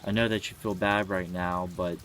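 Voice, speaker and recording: A man's voice: sits low, fairly even intonation, moderate pace, a bit bright, slight background noise. A man in his twenties talking casually and earnestly to camera, rambling with many fillers and the odd swear word. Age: 20s. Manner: rambling, frequent "you know" fillers. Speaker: vlogger. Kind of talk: casual reflective monologue.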